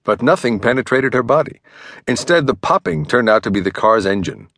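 A man narrating a thriller audiobook with a dramatic, expressive reading. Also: mid-range voice, a little fast, gravelly, no room sound. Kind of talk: scripted narration. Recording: dry studio recording.

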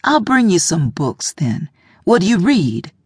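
A woman's voice: lowish voice, sing-song, unhurried, a little mellow, slightly rough, no echo, studio quality, full character voice. A woman voicing a middle-aged mother who urges and coaxes in a firm, insistent way. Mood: urging.

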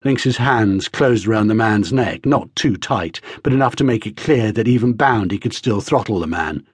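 A man reading an audiobook aloud in measured, vivid storytelling narration on a close studio mic. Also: fairly low pitch, lively intonation, husky, no room sound. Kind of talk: scripted narration.

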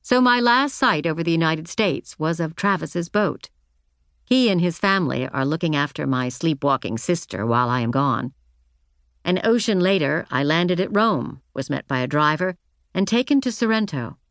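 A woman reads first-person audiobook fiction in a low, steady voice. Her delivery is measured and reflective, and the studio sound is close and dry. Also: no room sound. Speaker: audiobook narrator. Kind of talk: scripted first-person narration.

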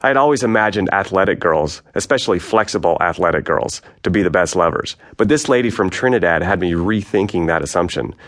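A man with a very low voice reads his own memoir aloud for an audiobook. His storytelling is frank and matter-of-fact, with an even, unhurried delivery. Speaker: author narrating his memoir.

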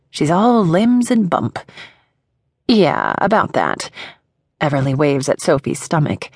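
A woman's voice: deep voice, creaky, darkish tone, husky, no room sound. A woman reading a contemporary romance audiobook in first person, with wry, dry humor, on a close studio mic. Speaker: audiobook narrator.

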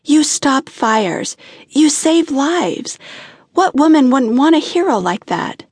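A woman's voice: high-pitched, very animated, moderate pace, a little mellow, no echo, clean studio sound, pitched above the performer's own voice. A woman narrator voicing Maggie, a young woman who is tearful and pleading with her lover. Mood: earnest. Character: grown woman Maggie, frantic then tender.

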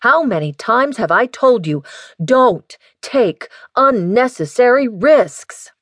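A woman voicing a gruff, protective older male professor who scolds his grown daughter, with her voice raised in pitch. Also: animated, unhurried, no room sound, studio quality, close to an everyday voice. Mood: scolding. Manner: scolding, bossy.

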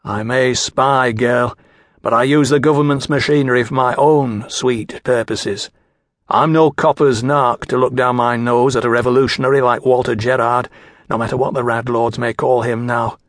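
A man voicing a smooth, cold gentleman from Manchester with a Mancunian accent, slow and superior in manner. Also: medium pitch, fairly even intonation, no room sound, studio quality, lightly acted.

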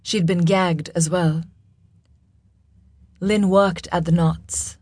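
A woman narrating a fantasy audiobook in a measured, dramatic storytelling manner. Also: on the low side, fairly even intonation, a little mellow, no echo.

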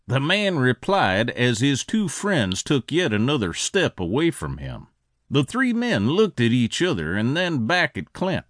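Male audiobook narrator, western, expressive, lively pitch, dry close studio sound. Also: measured pace, dry recording.

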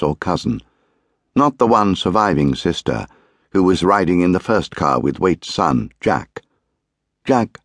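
An audiobook narrator, a man with a very deep voice, reads from a crime novel in a grave, deliberate, measured manner. It's scripted narration, recorded close and dry with no room sound and no echo.

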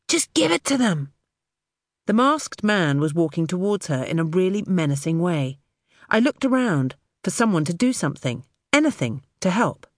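A woman narrating an audiobook in the first person with expressive storytelling. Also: low voice, no echo, studio quality.

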